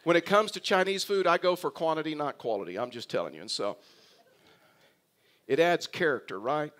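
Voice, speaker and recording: Casting note: middle-aged man with a high voice, a pastor giving a conversational sermon with dry humor. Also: a little fast. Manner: conversational storytelling, wry humor; animated, voices imagined dialogue with Jonah.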